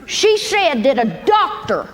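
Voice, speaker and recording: A woman's voice: extremely high pitch, very animated, a little slow, in a large hall. Sassy Southern woman doing stand-up. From Kentucky. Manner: folksy, sassy drawl with big shifts into mock quotes. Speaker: stand-up comedian. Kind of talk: stand-up comedy set. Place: comedy club stage with live audience. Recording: live club recording with crowd laughter and noise.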